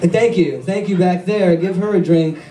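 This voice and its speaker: A man performing a stand-up comedy set, excitable and self-mocking, bantering with the crowd. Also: high voice, normal speed. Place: comedy club stage with audience. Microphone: wireless handheld mic. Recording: echoey club, mic far off, crowd noise.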